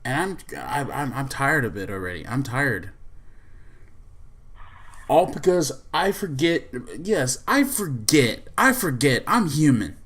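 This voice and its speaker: A man hosting his own podcast, venting in a heated, swearing rant. He circles back over the same complaints again and again, stumbling and restarting his sentences, in a medium-pitched voice. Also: big pitch swings, takes it slowly, a bit bright, slight background noise. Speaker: podcast host. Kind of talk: angry rant.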